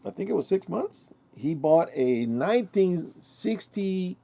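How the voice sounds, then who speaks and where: A man in his sixties tells an old story at his own pace in a warm, dark-toned voice. His talk is loose and colloquial, full of restarts and self-corrections. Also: high-pitched, sing-song, unhurried, creaky. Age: 60s. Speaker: channel host. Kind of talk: casual storytelling monologue.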